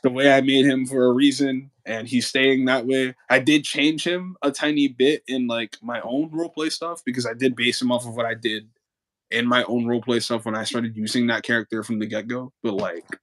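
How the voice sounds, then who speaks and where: A young man hosting a casual livestream chat, animated and joking, with quick protests. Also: mid-range voice. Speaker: livestream host and voice actor.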